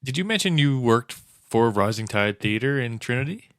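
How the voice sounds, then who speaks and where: A man's voice: medium pitch, lively intonation, moderate pace, fairly bright tone, no echo, clean studio sound. A man hosting a podcast, asking his guest friendly, curious questions in casual chat. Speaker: podcast host.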